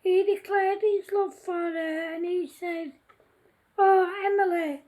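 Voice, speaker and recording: A woman's voice: very high-pitched, steady tone, takes it slowly, dark tone, low-quality recording. A woman reading her own story aloud in a plain way, with small slips and restarts.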